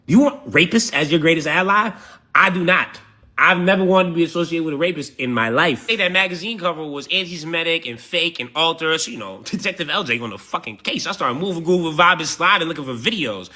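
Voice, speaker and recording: A man's voice: a little high, expressive, quick pace, sharp tone. A man giving profane, mocking reaction commentary in casual slang.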